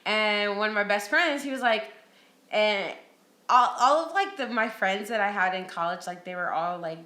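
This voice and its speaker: A woman's voice: mid-range voice, normal speed, sharp tone. A woman in her twenties telling a story in casual chat as a podcast co-host, blunt and profane. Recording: echoey room.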